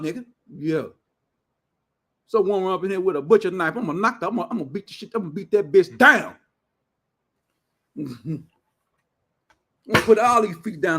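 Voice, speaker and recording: A man hosting his own show, ranting casually in a loud, blunt, profane way with heavy slang. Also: high voice. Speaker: show host.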